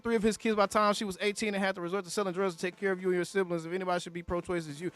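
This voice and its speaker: A man hosting a live call-in stream, talking casually in animated slang with loud exclamations. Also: high-pitched, very fast, few pauses, no echo, faint music behind. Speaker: host of a fan channel live call-in show.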